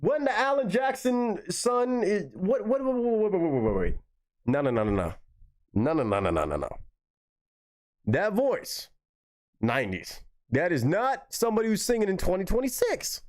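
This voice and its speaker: An excitable young man reacts live to songs, his pitch leaping up and down as he goes. He swears freely and repeats lines back in disbelief. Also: normal speed. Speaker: music reaction streamer.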